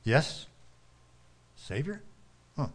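A man doing a gentle, weary young father. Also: fairly high pitch, very animated, extremely slow, voice pushed up, heavily acted.

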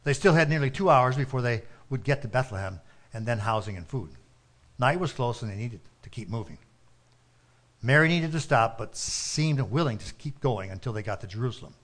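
Earnest male storyteller, middle pitch. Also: brisk. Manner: steady, earnest reading. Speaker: narrator. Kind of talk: storytelling narration.

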